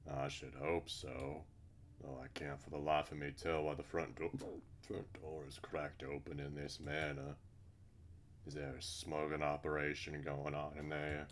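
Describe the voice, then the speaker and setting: A man voicing a stiff, sarcastic stranger who speaks slowly and haughtily. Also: a bass voice, level tone, a little hiss or hum. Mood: haughty.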